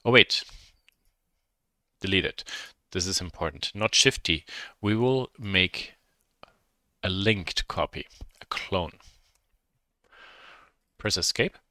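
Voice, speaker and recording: Deep-voiced German-accented tutorial instructor. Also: male voice, animated, slow pace, pauses often, pushed and bright, no echo, clean studio sound. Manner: thinks aloud, self-correcting. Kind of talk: software modeling tutorial.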